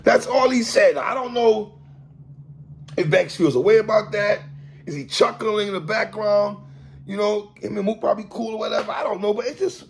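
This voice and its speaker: Man, high voice, swooping pitch, animated commentary host, casual monologue. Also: vocal fry. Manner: animated, laughs and exclaims often. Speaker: hip-hop commentary host.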